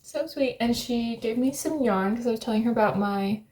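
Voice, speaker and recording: A young American woman chatting casually to her vlog viewers from a rented flat, rambling and laughing often. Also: fairly high pitch, moderate pace, slight background noise. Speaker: vlogger. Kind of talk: casual vlog chat to camera.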